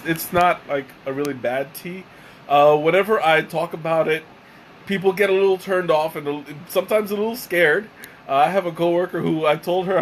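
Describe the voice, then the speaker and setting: A man casually reviewing a tea on a live stream, halting with many fillers and restarts. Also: on the high side, a bit bright, slight background noise, poor audio. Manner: hesitant, many fillers and restarts, chuckles often.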